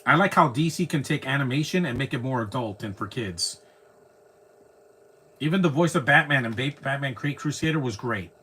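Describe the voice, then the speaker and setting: A man's voice: medium pitch, animated, a little fast, pushed and bright, breathy edge. Chatty, rambling male live streamer. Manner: rambling, chatty, laughs at his own jokes. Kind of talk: casual movie reaction commentary.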